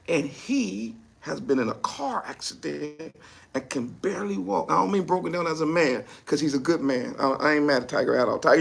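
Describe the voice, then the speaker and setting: A man delivering an impassioned commentary monologue, firing off mocking rhetorical questions and often shouting. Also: a little high, creaky. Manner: mocking rhetorical questions, acts out imagined speakers. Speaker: ministry speaker.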